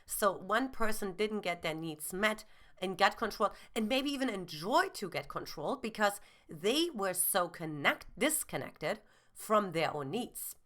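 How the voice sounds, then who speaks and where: A woman's voice: medium pitch, expressive, a little slow, a bit bright. A woman giving relationship advice as a dating coach, earnest and explanatory, with frequent "you know" fillers.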